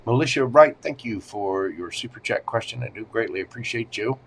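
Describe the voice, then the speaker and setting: A man hosting a live tarot stream, talking casually and warmly with his viewers. His voice climbs high and drops low as he moves between greetings and card readings. He uses pet names and sounds loose and playful. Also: brisk, gravelly, slight background noise. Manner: animated, swings up and down in pitch and loudness. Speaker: tarot reader hosting a livestream.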